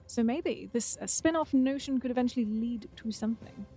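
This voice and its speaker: A woman with a slightly high voice co-hosts a podcast. She delivers news and plugs briskly and with a light touch, and soft music plays faintly behind her. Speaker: podcast co-host. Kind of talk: casual chat.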